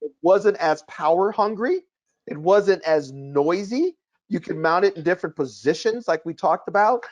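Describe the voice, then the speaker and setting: A man hosting a casual chat, explaining things in an emphatic, animated way. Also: high-pitched, moderate pace. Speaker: projector reviewer, host. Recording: lo-fi, dull sound.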